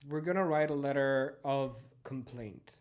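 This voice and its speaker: A man's voice: mid-range voice, slow pace. A young man co-hosting a podcast, trading dry teasing jokes in casual banter. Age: young adult. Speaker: podcast co-host.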